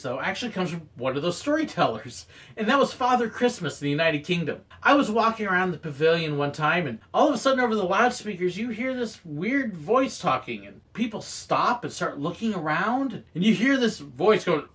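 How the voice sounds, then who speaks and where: A man recounts his theme park work days in a relaxed, storytelling monologue. His pitch rises and falls in lively swings, and he slips into loud, acted-out bursts for quoted moments. The voice sounds a little distant from the microphone. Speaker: former theme park photographer sharing stories.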